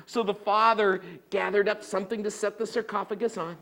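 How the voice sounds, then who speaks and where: A woman leading a library story time, talking directly to children in an animated way. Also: mid-range voice, brisk.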